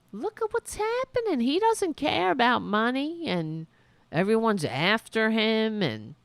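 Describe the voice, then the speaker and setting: A blunt, sarcastic woman with a New York accent hosts a commentary podcast. She talks at an unhurried pace, her pitch swooping widely between high and low, and her voice sounds close and dry with no room echo. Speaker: podcast host. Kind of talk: opinionated commentary on clips.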